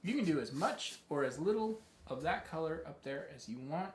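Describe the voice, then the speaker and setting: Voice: mid-range voice, lively intonation, moderate pace, slight background noise. A painting instructor teaching a live tutorial in a chatty, encouraging way, often restarting sentences. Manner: chatty, self-correcting, encouraging. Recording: roomy, echoey room.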